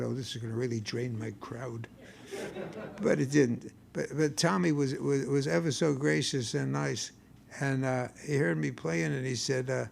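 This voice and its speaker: A man's voice: medium pitch, gravelly, a little hiss or hum. An older man, a blues guitarist, telling wry, rambling stories on a concert stage between songs, often stumbling and restarting his words.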